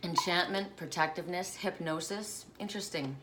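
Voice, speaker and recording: A woman's voice: fairly low pitch, moderate pace, a bit bright, slight background noise. A woman giving a spiritual oracle card reading, musing aloud with coughs and asides, choked up at times.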